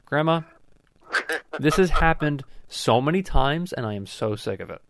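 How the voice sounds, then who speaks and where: A man's voice: a little high, animated, normal speed, a little hiss or hum. A young man hosting a casual chat, rambling and joking with frequent swearing and restarts. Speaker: host.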